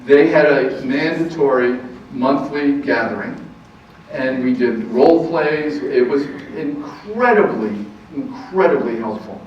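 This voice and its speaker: Middle-aged male counselor, lively storyteller; muffled, faint hiss, captured from across a hall. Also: medium pitch, unhurried. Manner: lively, anecdotal, laughs easily. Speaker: counselor giving a parenting talk. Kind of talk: live talk to an audience. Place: meeting room with audience. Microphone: distant room mic. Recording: echoey room, far-off muffled mic.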